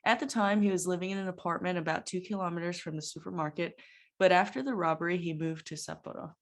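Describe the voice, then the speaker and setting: A woman co-hosting a podcast, reading news items in a steady voice. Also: fairly low pitch, quick pace. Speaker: podcast co-host.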